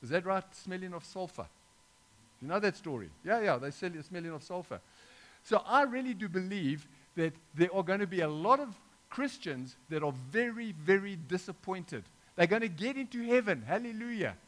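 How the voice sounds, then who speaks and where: A man's voice: sits high, expressive, moderate pace, fairly bright tone. A middle-aged man preaching an informal sermon, talking conversationally with frequent restarts and asides to his listeners.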